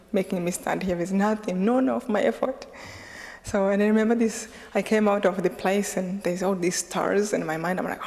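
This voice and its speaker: Lady giving a talk, lively storyteller, laughs a lot, mid pitch, big echoey hall. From Rwanda. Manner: animated storytelling, laughs often. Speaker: guest speaker. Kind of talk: public talk. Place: large hall with an audience. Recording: long reverb of a large lecture hall.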